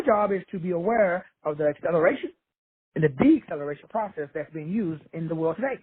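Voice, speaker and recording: Brief: Texan man, blunt profane self-help lecturer, slightly high husky voice. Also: animated, quick pace, dry recording. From Texas. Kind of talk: casual motivational monologue. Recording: dry tinny phone-like audio, husky voice.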